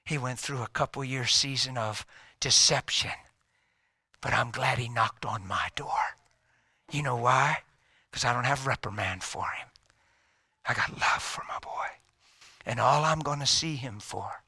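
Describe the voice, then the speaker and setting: A middle-aged man preaching a sermon, telling a story and swinging from loud, emphatic lines to hushed whispers. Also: medium pitch, no room sound, clean studio sound.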